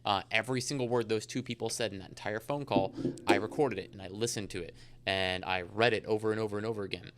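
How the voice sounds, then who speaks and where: A man's voice: fairly low pitch, fairly even intonation, fast, fairly bright tone. A man talking as a guest in a casual podcast interview, rambling along with many fillers. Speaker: insurance agent guest.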